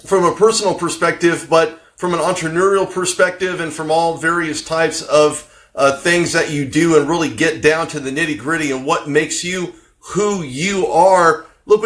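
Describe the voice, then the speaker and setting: A man's voice: on the high side, a bit bright. A man hosting a live-streamed interview show, asking long rambling questions with lots of energy. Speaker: host.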